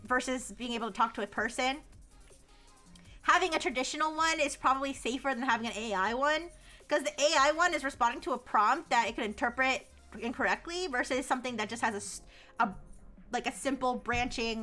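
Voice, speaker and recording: Young woman, high-pitched, bright voice, animated, laughing, rambling, casual stream chat, faint music behind. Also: brisk. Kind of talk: casual live-stream chat reacting to news.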